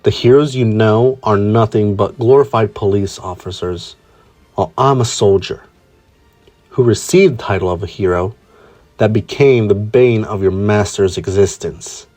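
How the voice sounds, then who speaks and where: A man voicing an angry young male super-soldier hero in a fan story, speaking in a low, seething, intense way. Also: moderate pace, darkish tone, faint music behind, lightly acted.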